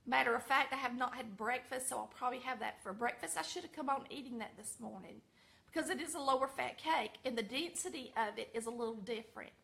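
A woman's voice: on the high side, fast, creaky, a bit bright. A middle-aged Southern woman with a Southern American accent, chatting folksily to viewers in a casual vlog from her home kitchen. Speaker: vlogger.

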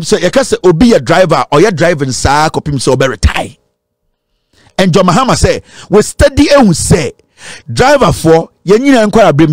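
A man's voice: a little high, no room sound, studio quality. A Ghanaian man giving impassioned political commentary, mixing Twi and English.

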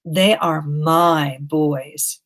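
A woman's voice: sits low, fairly even intonation, very slow, fairly bright tone, heavily acted. A woman reading an audiobook, voicing a fierce, worried mother who talks curtly and bitingly. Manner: curt, biting.

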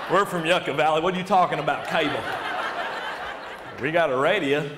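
A man doing a high-energy stand-up comedy set on a live club stage, rambling and chuckling often. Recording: echoey hall with audible noise.

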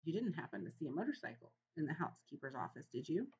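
A woman's voice: low-pitched, very animated, fast talker, darkish tone, lo-fi sound, slight background noise. A woman voicing a bold, self-assured young boy mouse. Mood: eager.

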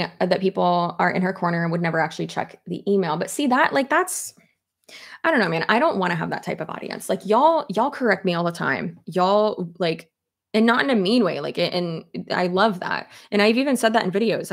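A young adult woman in casual commentary chat, talking to her audience, animated and swearing freely, with many fillers. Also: mid-range voice, fairly quick. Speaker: commentary YouTuber.

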